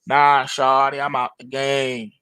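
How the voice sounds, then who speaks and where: A man's voice: mid-range voice, flat delivery, takes it slowly, bright, forceful tone, smooth, dry recording. A man voicing the silver market as a retired street hustler, turning down the old life in laid-back, dismissive slang.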